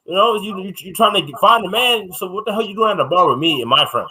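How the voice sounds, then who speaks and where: A man's voice: high-pitched, expressive, quick pace, sharp tone, slight background noise, low-quality recording. A man co-hosting a casual podcast, talking bluntly and animatedly with some swearing. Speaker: podcast co-host.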